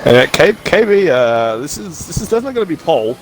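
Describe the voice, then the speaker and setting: A man co-commentating a sim racing league, joking with his co-hosts and jumping into high excited yelps. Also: rapid-fire, slight background noise. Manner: excitable, jokey banter with sudden high yelps.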